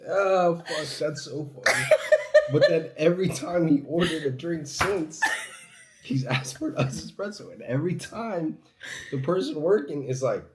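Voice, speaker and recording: A man's voice: on the high side, moderate pace, background noise. A man from New York telling travel stories in a casual way, laughing often as he talks. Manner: laughing often, animated and lively storytelling. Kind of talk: casual storytelling.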